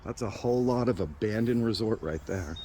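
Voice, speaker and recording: A man's voice: fairly low pitch, expressive, a little fast, mellow, a little hiss or hum. A man vlogging as an urban explorer, chatting casually while he walks around outdoors on a handheld camera. He rambles and is nervous about getting caught. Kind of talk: casual walk-through narration. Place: outdoors on abandoned resort grounds.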